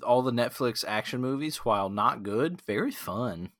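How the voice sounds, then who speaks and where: A man's voice: mid-range voice, expressive, moderate pace, a bit bright, no echo, clean studio sound. A man hosting a casual comedy podcast with friends, rambling with lots of fillers. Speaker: podcast host.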